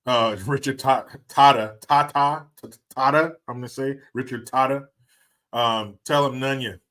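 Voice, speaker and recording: A man's voice: mid-range voice, fairly even intonation, a little slow, a bit bright. A middle-aged man hosting a live stream, chatting casually with viewers, often laughing, joking and swearing. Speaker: livestream host.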